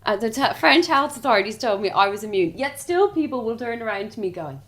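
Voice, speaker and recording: A woman's voice: fairly high pitch, animated, quick pace, a bit bright. A woman co-hosting a casual chat, speaking bluntly and defiantly and swearing freely. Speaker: podcast co-host.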